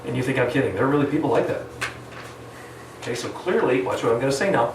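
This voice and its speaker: A man's voice: medium pitch, animated, fast, pauses often, background noise. A man teaching a live sales training seminar, full of energy, acting out phone calls with clients and changing his speed on purpose. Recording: echoey room, mic at a distance.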